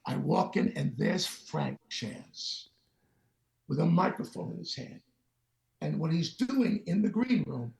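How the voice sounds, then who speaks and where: High, gravelly older man telling stories. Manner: animated, acts out the voices of the people in his stories. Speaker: guest musician. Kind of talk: storytelling in a sit-down interview.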